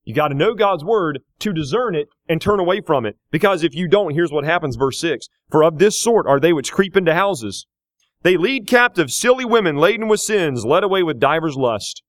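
A man preaching a sermon, emphatic, building to loud repeated questions. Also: fairly high pitch, lively intonation, moderate pace, no room sound, studio quality.

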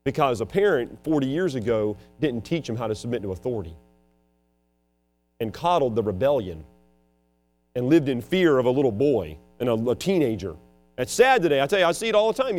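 Emphatic preacher man with swooping pitch. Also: big pitch swings, fairly quick, faint music behind. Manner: dramatic, emphatic, swings between loud and hushed, acts out quotes. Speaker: preacher and school teacher. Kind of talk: sermon.

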